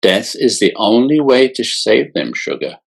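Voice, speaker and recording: A man voicing a fanatical mother with a Mississippi Delta accent, a raw raspy purr and slow, sinister preaching. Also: mid-range voice, sing-song, heavily acted. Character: unhinged mother, religious fanatic, purring.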